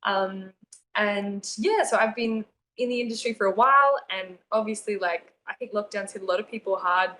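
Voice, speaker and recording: A woman's voice: medium pitch, moderate pace, sharp tone. A young woman, a singer-songwriter guest, chatting casually and giggling with lots of fillers. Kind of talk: casual chat.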